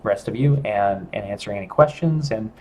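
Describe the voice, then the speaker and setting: Middle-aged male host, somewhat low voice, casual rambling livestream delivery with frequent restarts. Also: darkish tone, a little hiss or hum. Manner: rambling, halting, with many restarts. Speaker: studio founder hosting a livestream chat.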